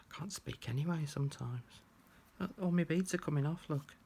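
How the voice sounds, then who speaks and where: A woman's voice: deep voice, measured pace, vocal fry, mellow, slight background noise. A woman chatting casually through a craft tutorial, thinking aloud as she works.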